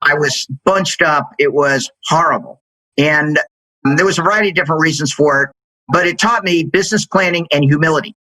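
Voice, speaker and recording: A middle-aged man spins lively stories of his sales career, jumping up in pitch whenever he acts out what others said. His voice is bright and forceful, sitting a little high, and it is recorded dry and close with no room sound. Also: brisk, dry recording, rough recording. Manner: animated, acts out quoted dialogue in a higher voice. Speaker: guest, sales executive. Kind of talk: storytelling interview answer.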